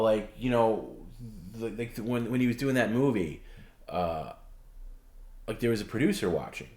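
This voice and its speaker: A man's voice: deep voice, darkish tone. A man with a dry throat, rambling and hesitant as he answers viewer questions as a stream co-host. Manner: rambling, hesitant, self-correcting. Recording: roomy echo.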